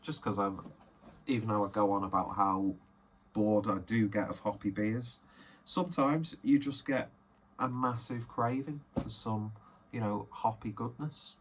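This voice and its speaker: A man's voice: on the low side, fairly even intonation, unhurried, a little hiss or hum. A man chatting casually and self-deprecatingly as he unboxes and reviews beers, rambling with many fillers. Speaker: beer reviewer.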